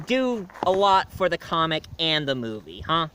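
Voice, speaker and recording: A man's voice: fairly high pitch, sing-song, normal speed, bright, forceful tone, clean tone. A man giving a casual film and comic review, rambling along with many fillers and restarts.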